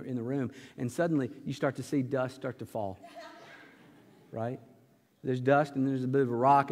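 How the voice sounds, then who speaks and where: Animated pastor in a reverberant hall. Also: male voice, a little high. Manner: animated storytelling, acting out characters with asides and laughs. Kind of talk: sermon. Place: church sanctuary.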